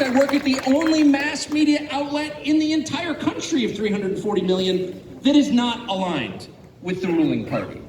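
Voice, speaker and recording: An American man giving a public speech to an audience in a sarcastic, animated way. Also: sits high, noisy background. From United States. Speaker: guest speaker. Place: event venue before an audience. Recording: echoey venue, distant mic, background ambience.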